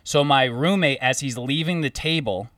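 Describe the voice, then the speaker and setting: A young man co-hosting a casual chat, joking and chiming in with quick interjections. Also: mid-range voice, a bit bright, dry recording, studio quality, distant mic. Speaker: podcast co-host.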